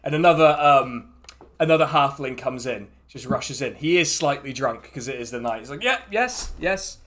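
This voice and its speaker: A man running a tabletop game as dungeon master, relaxed and laughing, with many fillers. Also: medium pitch, moderate pace.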